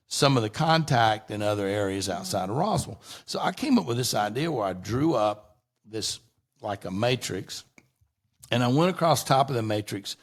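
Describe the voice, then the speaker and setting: A middle-aged man, a guest on an interview show, telling long rambling anecdotes in a casual way and often restarting his sentences. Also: mid-range voice.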